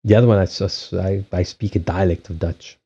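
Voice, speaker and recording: A man from Africa hosts a relaxed live stream as a card reader, chatting with viewers, answering the chat, and often restarting his sentences. His voice sits low with fairly even intonation, sounding mellow and husky, and the streaming setup gives it a lo-fi quality.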